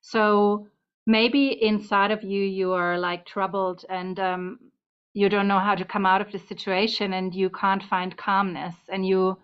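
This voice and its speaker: This tarot reader talks to camera from a room in her home, her medium-pitched voice level, unhurried and clean in tone. Her reading is casual, chatty and wandering, she sounds a bit breathless, and she addresses her cat between points. The recording has a dull, lo-fi quality.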